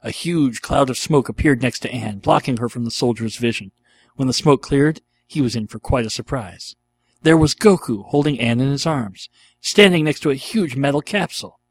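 A man's voice: medium pitch, moderate pace, slightly rough, no echo. Man reading a fan fiction. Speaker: narrator.

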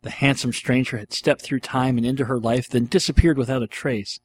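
A man's voice: medium pitch, fairly even intonation, a little fast, darkish tone, slightly rough, no echo. A man reading a dramatic fan fiction aloud in an earnest, storytelling manner. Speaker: narrator.

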